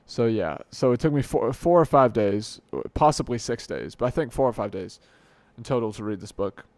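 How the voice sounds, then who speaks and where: Late at night in a dimly lit room at home, a young podcast host talks unscripted and alone into his desk mic. He rambles, corrects himself, and makes jokes at his own expense. His voice is mid-range at a normal speed, and the recording is dry.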